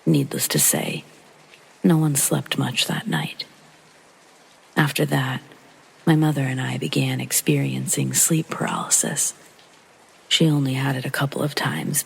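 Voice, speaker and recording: A man narrating a true horror story in a hushed, breathy storytelling manner. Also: medium pitch, rough recording. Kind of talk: scripted narration.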